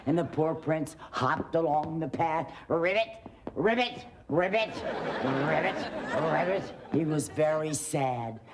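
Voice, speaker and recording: Slow, animated old storyteller woman. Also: deep voice. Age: older. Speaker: grandmother. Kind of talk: sitcom bedtime storytelling. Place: sitcom studio set with live audience. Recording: studio audience laughter and noise.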